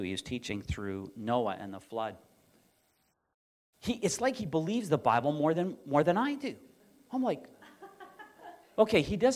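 A pastor delivering a sermon to his congregation. His voice sits high and moves all over the place. He tells stories with animated emphasis and acts out the people he quotes. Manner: animated storytelling, quoting others with emphasis.

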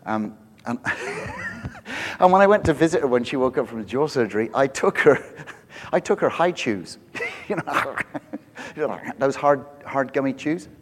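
A man's voice: medium pitch, sing-song, a little slow, long pauses, husky, long reverb tail. A middle-aged man preaching a sermon as pastor, conversational and self-mocking, with quips between points. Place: church.

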